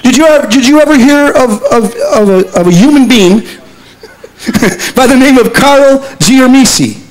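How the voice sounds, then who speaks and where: This middle-aged lead singer has a very high-pitched voice with lively intonation, speaking at a measured pace as he banters playfully with the concert audience between songs. The audio is poor, a live recording with loud band music behind him.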